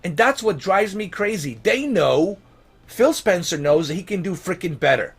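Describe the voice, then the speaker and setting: Male vlogger, frustrated rant, a bit high-pitched, very lively swings, swears a lot. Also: normal speed, breathy edge, faint music behind. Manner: exasperated, swearing, rhetorical questions; pleading and emphatic. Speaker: gaming vlogger. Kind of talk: ranting vlog commentary.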